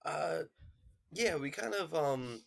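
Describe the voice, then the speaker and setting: Gravelly, lively man player. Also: a little high, slow. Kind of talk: tabletop game play.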